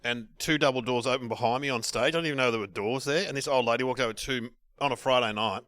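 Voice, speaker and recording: A middle-aged Australian man, a comedian, telling animated stories about gigs in a casual chat, acting out what people said. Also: mid-range voice, quick pace, dry recording, clean studio sound. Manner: animated anecdotes with acted-out quotes. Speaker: comedian podcast guest.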